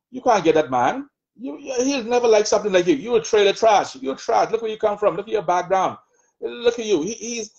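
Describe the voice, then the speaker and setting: A man with a Bahamian accent preaching a sermon, taunting in rapid repeated jabs as he voices the enemy's lies. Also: sits high, a little mellow, dull audio. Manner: taunting, mocking the devil's voice in rapid repetitive jabs. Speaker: prophet preaching.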